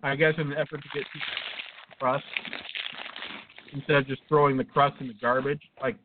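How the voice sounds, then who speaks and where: Medium-pitched and fairly flat, this man talks a little fast over background noise. He's a podcast co-host spinning rambling, profanity-laced stories, recorded with a tinny phone quality.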